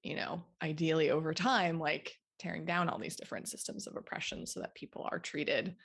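Gravelly low-voiced woman guest. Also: brisk, fairly bright tone. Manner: thoughtful, explanatory, many fillers. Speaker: guest dietitian and author. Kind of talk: interview answers.

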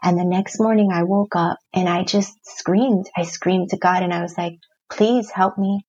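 Middle-aged woman, husky voice a bit on the low side, earnest and open, telling her own story, kinda dull lo-fi sound. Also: steady tone, normal speed, darkish tone. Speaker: guest. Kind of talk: personal storytelling in an interview.

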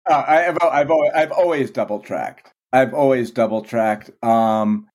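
A man from Vermont sits in as a podcast guest with a middle-pitched voice. He swears easily and keeps restarting his sentences, doubling words as he goes. The tone is loose, frank, conversational. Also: measured pace, a little mellow. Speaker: guest, band vocalist. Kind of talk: casual podcast interview.

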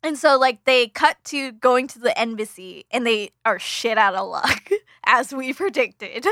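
A woman's voice: fairly high pitch, unhurried, a bit bright, a little hiss or hum. A woman co-hosting a podcast who rambles through a casual film recap, full of fillers and laughter. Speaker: podcast co-host.

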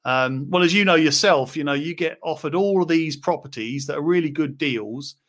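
A man's voice: a little high, moderate pace. A man hosting a live property chat, talking casually with many fillers. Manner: chatty, relaxed, many fillers. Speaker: property investor and host.

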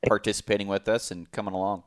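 Male podcast host, lowish voice, easygoing, jokey, loose casual chat. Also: flat delivery, racing, a crowd in the background. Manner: laid-back, joking, rambling with restarts.

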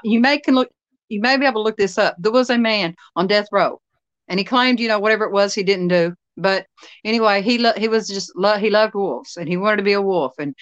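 A woman's voice: mid-range voice, fairly bright tone, no room sound, dull audio. A woman guest on a podcast, a psychic medium, chatting casually and laughing along with her stories. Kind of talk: casual chat.

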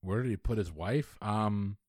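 A man's voice: on the low side, moderate pace, a little mellow, no echo, studio quality. A man co-hosting a casual trivia chat, rambling and jokey as he thinks aloud through the answers. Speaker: podcast co-host playing trivia.

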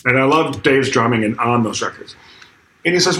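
A man's voice: mid-range voice, expressive, normal speed, a bit bright. A middle-aged man, a drummer, casually telling a story in an interview, acting out quotes and swearing freely. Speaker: guest drummer. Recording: echoey room with faint noise.

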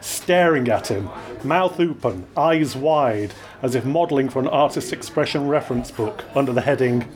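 A man reading a story aloud to an audience, with wry, expressive narration. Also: mid-range voice, moderate pace, crowd noise. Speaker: reader. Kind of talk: live reading of his own story.

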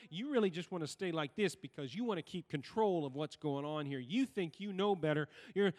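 A man's voice: on the high side, animated, a little fast, few pauses. A male pastor preaching a sermon in a church, often asking the congregation questions and waiting for their reply. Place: church sanctuary. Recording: long hall reverb in church.

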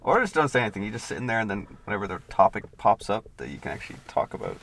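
Gravelly guy cracking dry jokes, pitch jumps all over. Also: big pitch swings, very fast, a crowd in the background. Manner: wry, joking asides. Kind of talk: casual banter.

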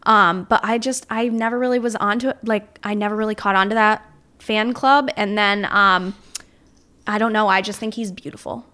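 A woman's voice: mid-range voice, steady tone, normal speed, pushed and bright. A woman chatting casually as a podcast guest, candid and blunt, with mocking asides. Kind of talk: casual chat.

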